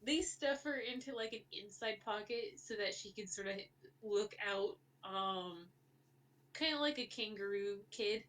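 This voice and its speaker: A woman's voice: mid-range voice, measured pace, fairly bright tone, far from the mic. A woman running a tabletop game as game master, describing the scene in a rambling way with many fillers and restarts.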